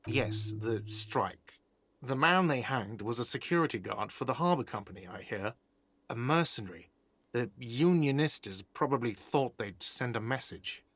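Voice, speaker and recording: Sarcastic game innkeeper, curt, dry sound. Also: male voice, mid-range voice, animated, normal speed, fairly bright tone, no room sound. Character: irritable, sarcastic male hostel manager. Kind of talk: game voice acting.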